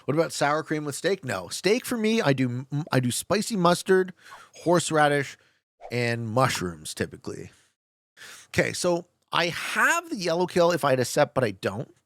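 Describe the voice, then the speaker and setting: A man's voice: a little high, sing-song, moderate pace, fairly bright tone, dry recording, clean studio sound. A young man streaming a strategy game, chatting casually, joking and laughing often as he answers chat. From Canada.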